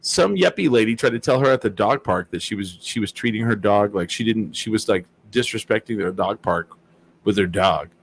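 A man's voice: fairly low pitch, a little fast, slightly rough. Guy telling a wild story on a chat show, cursing, doing everyone's voices. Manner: animated, profane storytelling with acted-out quotes. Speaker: host.

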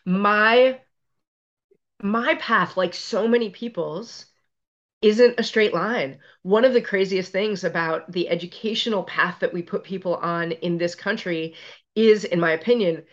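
A middle-aged woman, a physician and resilience expert, telling stories in an interview with an animated, self-deprecating way of talking. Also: medium pitch, dull audio. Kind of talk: conversational interview storytelling.

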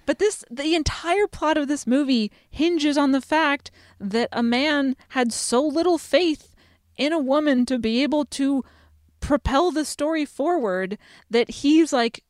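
A woman's voice: high-pitched, a little slow, no echo, clean studio sound. A woman co-hosting a podcast, recounting things incredulously and laughing often in casual chat. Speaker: podcast co-host.

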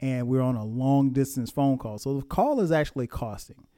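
A middle-aged man hosts a casual storytelling podcast in a mellow, relaxed voice. He reminisces in a self-mocking way and chuckles often. The sound is close and dry. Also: mid-range voice, brisk, no room sound. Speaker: podcast host.

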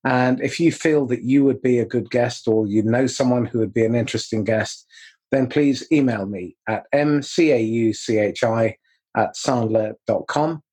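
A male podcast host with a husky, slightly rough voice speaks in an earnest, friendly way. He laughs easily and closes the show with a sign-off. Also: mid-range voice, moderate pace, darkish tone. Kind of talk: casual interview chat.

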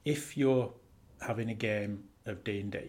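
A man co-hosting a podcast, dry and teasing, explaining his points with measured pauses. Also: lowish voice, a little mellow. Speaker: podcast co-host. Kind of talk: casual podcast chat.

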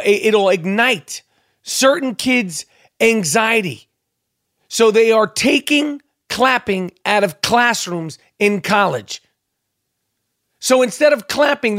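This podcast host, a middle-aged man whose fairly bright voice sits high, launches into a fired-up solo rant. It's full of cursing, rambling tangents, and stammered restarts, recorded in studio quality with no echo.

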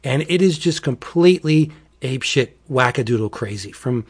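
A man's voice: medium pitch, normal speed, breathy edge. A man chatting casually as a podcast host, animatedly retelling a wacky horror comic and acting out its quotes. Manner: animated storyteller, acts out quotes, says wackadoodle.

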